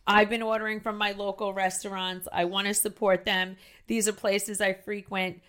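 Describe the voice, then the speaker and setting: A loud, gushing woman with a New Jersey accent hosts a casual podcast. She talks with big emphasis, doubling back and restarting her sentences as she goes. Her pitch sits in an ordinary middle range. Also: flat delivery, normal speed. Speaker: podcast host.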